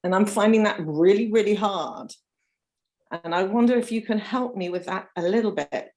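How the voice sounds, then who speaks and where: A woman's voice: medium pitch, normal speed, a little mellow. A woman from London calling in, emotional and hesitant, close to tears, with many restarts. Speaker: caller. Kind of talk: phone-in call.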